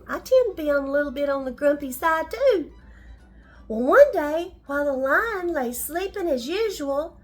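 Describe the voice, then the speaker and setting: An older woman telling a bedtime story to children, gently asking them questions along the way. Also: very high-pitched.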